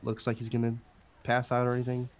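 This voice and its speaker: A man's voice: medium pitch, fast talker. A man playing a tabletop game, speaking casually and laughing often. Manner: giggly, lively, often laughing. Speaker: player.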